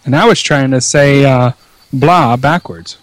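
A man's voice: medium pitch, a little slow, no room sound. A man co-hosting a casual podcast chat, dry and teasing, fond of playful wordplay. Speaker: podcast co-host.

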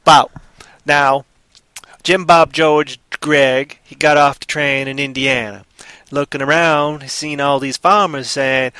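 Playful, bright-voiced male livestream storyteller. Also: a little high, fairly even intonation, takes it slowly, clean tone, no echo. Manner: playful, rambling, reads chat aloud. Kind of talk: casual improvised storytelling.

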